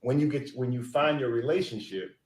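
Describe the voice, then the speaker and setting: A man hosting an interview show, talking in an animated, encouraging way. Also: medium pitch, a little fast, reverberant. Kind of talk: casual interview chat.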